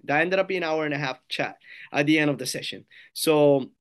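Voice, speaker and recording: A man's voice: a little high, a little fast, clear, resonant tone. Man with a colombian spanish accent. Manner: earnest, many restarts and repeated words, acts out his own coaching cues. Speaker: strength coach, podcast guest. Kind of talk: casual podcast interview.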